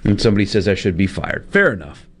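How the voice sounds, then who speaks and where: A man's voice: on the low side, sing-song, fast talker. A man in his thirties co-hosting a radio show, chatting casually and laughing at himself. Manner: chatty, self-deprecating, laughs often.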